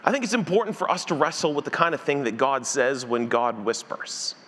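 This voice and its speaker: Preaching in a church sanctuary at a fairly quick pace, a medium-pitched male pastor animatedly performs the voices of the figures in the story he tells. The sound is that of a large hall.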